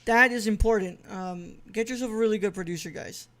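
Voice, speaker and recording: A man's voice: sits high, brisk, fairly bright tone. Easygoing male live-stream host. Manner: easygoing, short affirmations and laughs. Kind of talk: casual live-stream interview.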